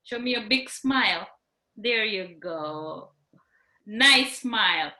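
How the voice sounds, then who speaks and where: A woman's voice: medium pitch, expressive, slow, sharp tone, rough recording. A woman teaching young children in an online class over a video call, encouraging them with simple words and frequent tag questions.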